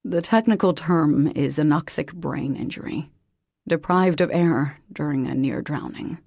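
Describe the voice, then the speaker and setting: A woman voicing a quiet, wry young man. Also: measured pace, gravelly, no echo, studio quality, full character voice. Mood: calm. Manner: calm, low-key.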